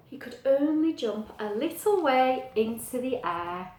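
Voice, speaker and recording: A middle-aged woman teacher reading a picture book aloud to children, gentle and animated, asking the listener questions. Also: a little high, a little slow, hardly any pauses. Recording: echoey room.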